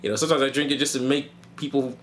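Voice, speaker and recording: A man's voice: medium pitch, steady tone, very fast, a bit bright, slight background noise. A man vlogging a rambling, joking comedic rant.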